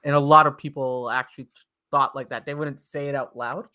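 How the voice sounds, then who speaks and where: A man's voice: medium pitch, steady tone, fairly quick, sharp tone. A man from Canada on a podcast panel, talking in a chatty, informal way. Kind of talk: casual discussion.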